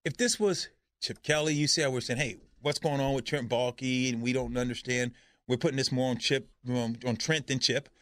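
A man co-hosting a sports radio show, giving his take in a steady, plain way. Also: medium pitch, normal speed, dry recording. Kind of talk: casual sports radio chat.

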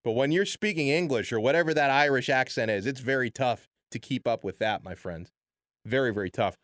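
A man's voice: medium pitch, brisk, no room sound, studio quality. A man hosting a sports talk show, chatting casually with lots of restarts and fillers. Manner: animated, filler-heavy, chuckling. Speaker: sports radio host.

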